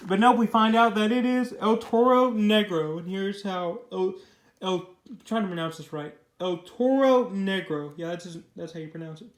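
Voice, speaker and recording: High-voiced, rambling young comic reviewer. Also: male voice, brisk. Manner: rambling, filler-heavy, repeats words. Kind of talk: casual video review. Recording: echoey room.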